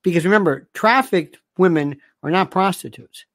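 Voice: mid-range voice, animated, unhurried, dry recording, studio quality. A host from the United States giving an opinionated monologue and reading out viewer comments, ranting and sarcastic, full of insults and rhetorical questions.

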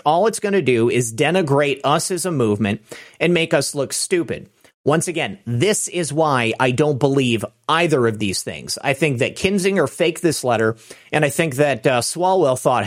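A man's voice: on the high side, lively intonation, moderate pace. A man hosting opinionated political commentary, sarcastic and indignant. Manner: sarcastic, indignant, chuckling asides.

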